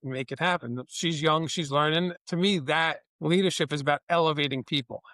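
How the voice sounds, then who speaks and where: In a podcast interview, a business owner with a fairly high-pitched voice tells workplace stories, animatedly acting out the dialogue within them. The conversational storytelling is recorded with no room sound.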